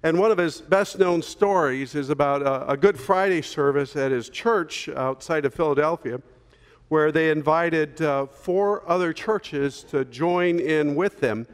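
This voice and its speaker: A man's voice: a little high, a little slow, clear, resonant tone. Storytelling male pastor, sermon in a reverberant hall. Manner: storytelling, conversational with fillers.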